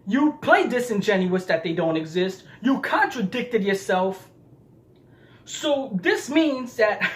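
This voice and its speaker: A man's voice: high-pitched, sing-song, takes it slowly, a bit bright. A man ranting angrily on camera, heated, profane and mocking. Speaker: YouTube commentator. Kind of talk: angry ranting commentary.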